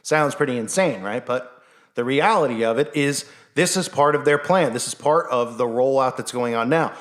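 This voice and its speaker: A man hosting a vlog, ranting in an animated, sarcastic way and talking straight to his viewers. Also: medium pitch, moderate pace. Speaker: vlog host. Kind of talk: casual ranting monologue.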